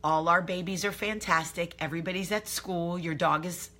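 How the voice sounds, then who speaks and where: Woman doing her mellow, low-key husband. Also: steady tone, normal speed. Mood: relaxed. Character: laid-back husband texting back calmly.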